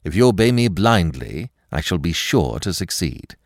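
Man playing a grave, commanding gentleman thief. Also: sits low, very animated, no room sound, studio quality. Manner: measured, grave, authoritative.

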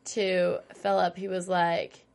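A woman's voice: on the low side, flat delivery, slow, gravelly, a little mellow. A woman in casual chat about a sitcom episode, agreeable and laughing often, with many fillers like "like". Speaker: podcast co-host.

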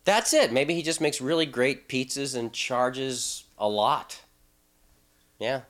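A man's voice: medium pitch, slow, fairly bright tone. A middle-aged man, a voice actor, chatting in an interview in a playful, joking way. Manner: playful, joking, breaks into laughs. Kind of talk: casual interview chat.

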